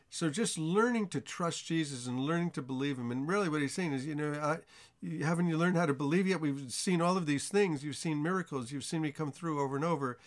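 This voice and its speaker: Guy preaching, reads the bible passage then chats about it plainly. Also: on the high side. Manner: reads scripture, then explains it in plain conversational asides. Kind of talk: sermon.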